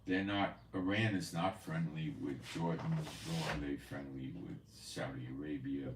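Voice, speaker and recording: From his home in Israel, a man hosts a prophecy news channel in a rumbling low, steady voice at normal speed. He offers casual, rambling commentary, sometimes repeating himself, and the audio is roomy, with a distant mic and a noisy background.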